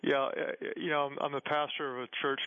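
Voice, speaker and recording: A man's voice: a little high, level tone, quick pace, clean tone, no echo. A man in his forties, a pastor guest on a radio interview, telling stories earnestly and reflectively with many fillers. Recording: muffled radio broadcast audio.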